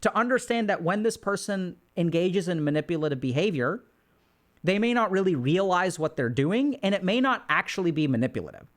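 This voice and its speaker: Brief: male livestream host, higher voice, explanatory lecture tone with rhetorical check-ins. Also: lively intonation, brisk. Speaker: host of a mental health livestream. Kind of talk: educational livestream talk.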